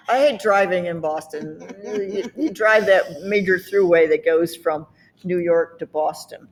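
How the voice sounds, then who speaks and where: A woman's voice: fairly low pitch, normal speed. A woman with a Southern US accent, chatting casually and animatedly about accents, laughing often. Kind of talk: casual chat.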